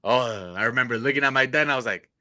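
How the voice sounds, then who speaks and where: A man's voice: mid-range voice, very fast, pushed and bright, dry recording. A man from the Los Angeles area telling casual, profane stories with laid-back slang as a podcast host. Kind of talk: casual storytelling.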